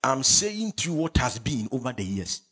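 A man's voice: mid-range voice, big pitch swings, moderate pace, a bit bright, slightly rough, faint music behind. A man preaching a fervent sermon, calling out to the congregation for responses. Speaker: pastor.

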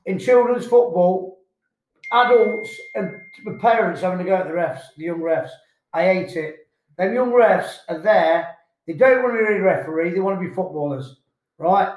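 A man's voice: high-pitched, expressive, normal speed, muffled recording. A man, a guest on a casual podcast, talking earnestly and indignantly and repeating himself. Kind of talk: casual chat. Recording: echoey room.

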